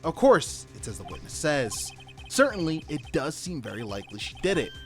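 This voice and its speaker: A man's voice: fairly high pitch, very animated, moderate pace, soft background music, voice pushed up. A man reading as a haughty, formal prosecutor.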